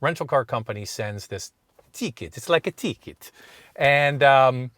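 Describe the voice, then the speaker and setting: A man's voice: mid-range voice, animated, unhurried, a bit bright, no echo, studio quality. A man co-hosting a car show, telling a rambling story in casual chat with plenty of asides and restarts.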